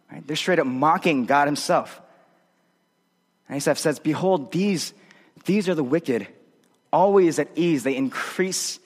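A man's voice: a little high, long reverb tail. A male pastor preaching a sermon in a conversational way, often checking in with tag questions.

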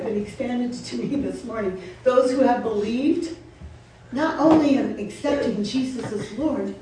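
A woman's voice: on the high side, warm tone. A woman preaching a sermon, firing repeated questions at her congregation with laughing asides. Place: church sanctuary. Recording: roomy echo, from far off, faint noise.

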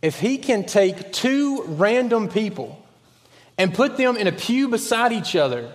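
A man preaching a sermon as pastor, earnest, sometimes dropping to a hushed voice on key points. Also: high voice, big pitch swings, unhurried, in a large hall.

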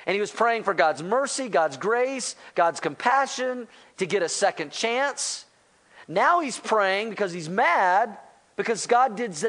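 High-voiced animated male preacher. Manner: animated preaching, voices quotes, asks the congregation. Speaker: pastor. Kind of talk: sermon.

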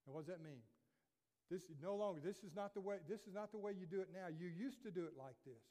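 A man's voice: sits high, fairly quick, warm tone. A man pastor preaching a sermon earnestly, quoting scripture and asking rhetorical questions. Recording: long reverb of a church hall.

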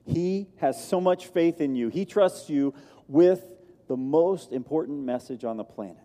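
A man's voice: a little high, a little slow, warm tone. A male pastor preaching a sermon with an emphatic, repetitive cadence. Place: church sanctuary. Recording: long hall reverb.

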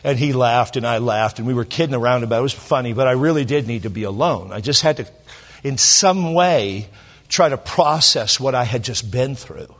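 A middle-aged man from Southern California, a pastor telling a personal story in a sermon, emotional and halting with many restarts. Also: medium pitch, fairly bright tone.

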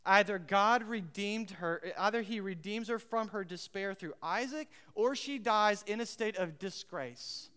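A man preaching a sermon as pastor, emphatic and repeating his key phrases, swinging between loud and hushed, and putting questions to the congregation. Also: high voice, expressive, a little slow, hardly any pauses, smooth, in a large hall.

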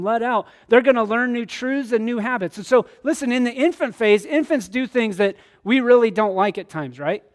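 A pastor preaching a conversational sermon to his church, a man acting out quoted voices in his stories. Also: high-pitched.

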